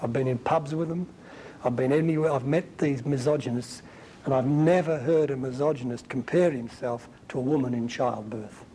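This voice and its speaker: A man giving a conversational Bible teaching as a preacher, talking in an animated, colloquial and emphatic way. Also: medium pitch, normal speed, a little hiss or hum, low-quality recording.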